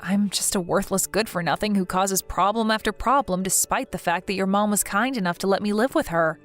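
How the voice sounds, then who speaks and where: A meek young wife speaks timidly and apologetically, voiced by a woman reading a text story. Faint music sits quietly behind the voice. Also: medium pitch, brisk, close to an everyday voice. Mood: self-loathing.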